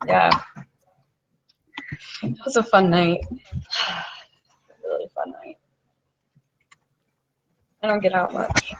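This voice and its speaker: A woman's voice: lowish voice, big pitch swings, measured pace, long pauses, muffled recording. A young woman in casual chat, talking loosely with lots of "like" and easy laughter. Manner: chatty, full of "like", laughs often.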